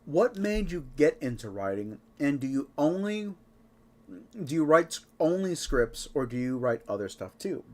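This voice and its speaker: A man's voice: fairly high pitch, sing-song, normal speed, a little mellow. A man co-hosting a live Q&A, reading out listener questions in a jokey, easygoing way. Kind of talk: casual chat.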